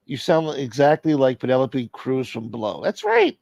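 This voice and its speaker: A man's voice: mid-range voice, huge pitch swings, normal speed, gravelly, few pauses, a little mellow, dry recording. A man in his fifties hosting a talk show and ranting crudely with mocking sarcasm. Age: 50s. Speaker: host. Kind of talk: profane comedic rant.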